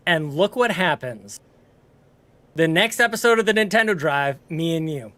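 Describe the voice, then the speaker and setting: A man's voice: on the high side, animated, normal speed, pushed and bright, no echo. A man hosting a gaming podcast, joking around in casual, playful banter with a co-host.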